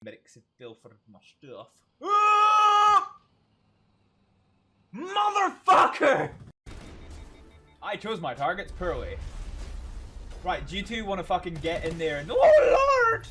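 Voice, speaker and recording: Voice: medium pitch, animated, normal speed, faint music behind. A streamer giving casual gameplay commentary, swearing freely, laughing often and breaking into sudden yelps.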